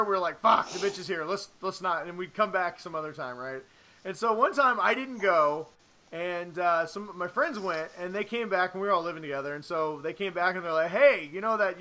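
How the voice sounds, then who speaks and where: A man in his thirties telling a casual, rambling story on a podcast, animated, swearing freely and acting out the lines he quotes. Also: high-pitched. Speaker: podcast co-host.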